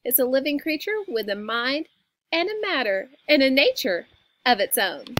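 A woman reading a picture book aloud to children, pausing to explain words and ask them questions, and changing her voice for the characters. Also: a little high, a bit bright, no echo. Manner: changes voice for characters in quoted lines. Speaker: storybook reader.

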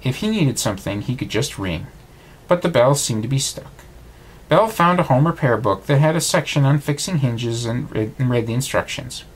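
A man reading a bedtime storybook aloud, with expressive reading. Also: mid-range voice, moderate pace, husky.

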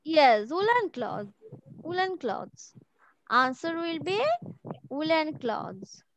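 A woman's voice: high voice, sing-song, slow, poor audio. A woman teaching an online class, patiently repeating each question and word for her pupils. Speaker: school teacher. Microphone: video call from home.

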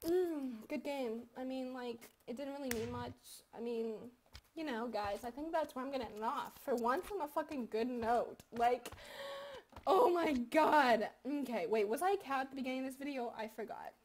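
A young woman with a high voice chatters loosely over a game she is playing, giggling and swearing as she mocks herself. She sounds like a teenager talking into a desk mic at home. A faint hiss sits under her voice. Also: normal speed. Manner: rambling, swearing, giggly, self-mocking. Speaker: gaming YouTuber. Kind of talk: casual gaming commentary.

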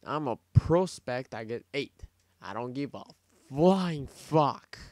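A man's voice: mid-range voice, expressive, takes it slowly, a little mellow, no room sound. A young man casually commentating his basketball video game, rambling, sarcastic and profane. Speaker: gaming channel host.

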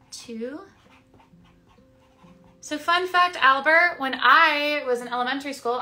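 A woman's voice: on the high side, bright, forceful tone. A woman streaming casually, chatting with fans while she signs prints, with frequent ums and small laughs. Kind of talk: casual livestream chat.

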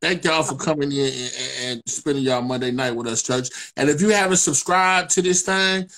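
Chill slangy guy hosting a live stream on his phone, kinda high voice. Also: normal speed, a bit bright. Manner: laid-back, slangy, repeats "you know what I'm saying". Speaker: livestream host. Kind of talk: casual livestream chat. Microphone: phone mic on a social media livestream.

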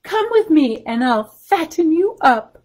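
Kindly old storybook lady, high and fussing, voiced by a woman. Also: very animated, measured pace, darkish tone.

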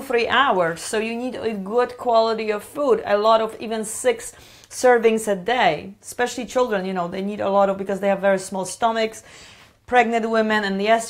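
A woman's voice: mid-range voice, steady tone, moderate pace. Chatty woman hosting a kitchen stream. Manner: chatty, enthusiastic, many fillers and restarts. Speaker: cooking show host. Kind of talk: live-streamed cooking demo chat. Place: home kitchen.

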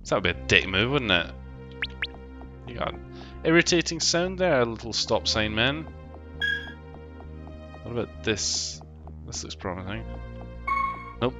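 This Londoner streams a game to background music, chatting casually, joking and swearing while reading out chat in a rambling way. His mid-range voice is expressive, measured in pace and often paused.

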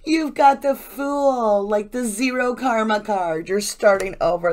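A woman's voice: a little high, measured pace, few pauses, a little mellow. A woman giving a casual, effusive tarot reading, chatting and rambling to her viewers. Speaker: tarot reader.

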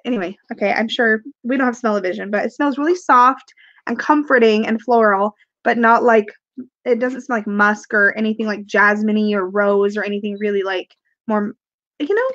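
In dull-sounding audio, a woman with a fairly high, slightly bright voice rambles through a live-stream unboxing. As a tarot video creator, she laughs and reads viewer comments aloud in casual chat, all while coughing and sucking on cough drops.

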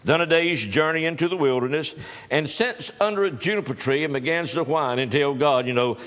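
A man preaching with folksy, teasing humor. His voice sits somewhat high. It rings out through a hall with a long reverb tail. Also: fairly bright tone. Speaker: pastor. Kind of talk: sermon.

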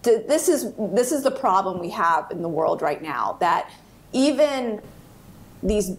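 A woman in her forties, a guest on an interview podcast, telling an anecdote with lively energy and acting out the voices of the people in it. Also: medium pitch, measured pace, a little hiss or hum. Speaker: guest, food activist.

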